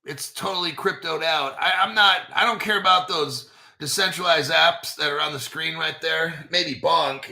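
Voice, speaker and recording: A male show host talks in casual commentary, cursing freely and answering his own asides. His voice sits high and sounds very bright. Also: creaky. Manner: profane, talks back to himself.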